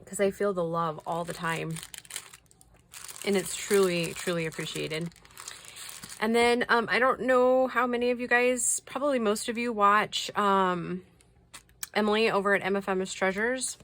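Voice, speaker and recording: With a mid-range voice, steady tone, and measured pace, a woman casually walks through crafty mail from subscribers. She gushes gently about each item, occasionally dropping to a whisper.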